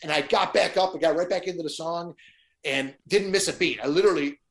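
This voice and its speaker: A man's voice: a little high, a little fast, slight background noise. A middle-aged man, a guest musician, telling stage anecdotes in a casual chat and acting out the quotes. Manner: animated anecdote teller, acts out quotes.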